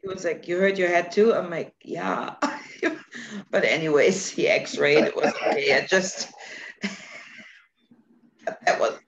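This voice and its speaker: A woman's voice: on the low side, takes it slowly, long pauses. Woman telling a story, laughing a lot, dull lo-fi sound. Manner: animated storytelling, laughs often. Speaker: guest. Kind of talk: casual chat. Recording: dull lo-fi sound, faint noise.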